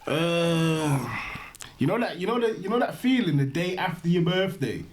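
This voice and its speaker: A man's voice: fairly high pitch, lively intonation, moderate pace, slight background noise. A man, co-hosting a casual football podcast and telling things in a laid-back way. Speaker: podcast co-host.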